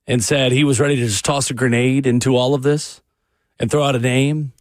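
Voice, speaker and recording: A man hosting a sports talk radio show, upbeat and animated. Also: mid-range voice, fairly quick, no room sound, studio quality. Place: radio studio.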